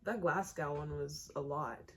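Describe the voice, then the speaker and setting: American woman, young adult, low-ish voice, chatty exclaiming reaction host. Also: unhurried, fairly bright tone. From United States. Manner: chatty, exclaiming, asks questions aloud. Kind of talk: casual reaction commentary.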